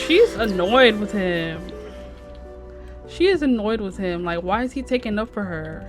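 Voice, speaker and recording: A woman's voice: medium pitch, expressive, normal speed, faint music behind. A young woman casually narrating her gameplay, voicing the characters in a slangy, chatty way with "she's like" quotes. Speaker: gameplay streamer. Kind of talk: casual let's-play narration voicing sims.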